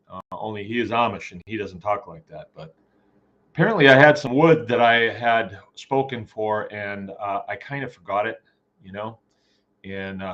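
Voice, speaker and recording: A man's voice: lowish voice, dull audio. A man hosting a casual farming live chat from his farm, folksy and rambling as he greets viewers by name. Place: home farm.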